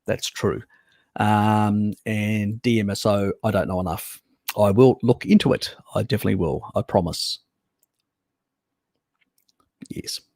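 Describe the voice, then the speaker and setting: A man's voice: lowish voice, fairly even intonation, moderate pace, darkish tone, no echo, clean studio sound. An Australian man hosting a live stream, chatting casually and rambling, swearing now and then as he answers viewers. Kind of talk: casual chat reading viewer comments.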